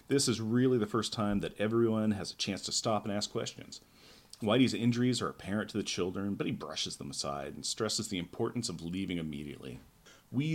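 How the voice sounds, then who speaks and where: A man co-hosting a casual comic book podcast, wry and amused, chuckling as he talks. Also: fairly low pitch. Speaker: podcast co-host.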